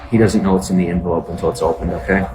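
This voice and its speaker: Man, very low voice, loose rambling livestream chatter full of "like" and "just saying", phone mic with clear background noise. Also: fairly even intonation, rapid-fire. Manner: rambling, filler-heavy, repeats "just saying". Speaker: livestream host. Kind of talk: casual livestream chat.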